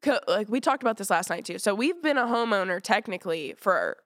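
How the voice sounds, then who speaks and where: A woman's voice: mid-range voice, lively intonation, fairly quick, fairly bright tone, dry recording, studio quality. A woman hosting a podcast, chatting casually, rambling and swearing freely. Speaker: podcast host.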